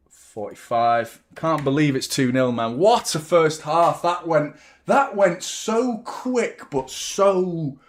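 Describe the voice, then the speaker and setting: Excitable, swearing football fan. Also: male voice, on the high side. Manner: swears freely, rambling and excitable, reads chat comments aloud. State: drained. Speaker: football watchalong host. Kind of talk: casual live-stream chat.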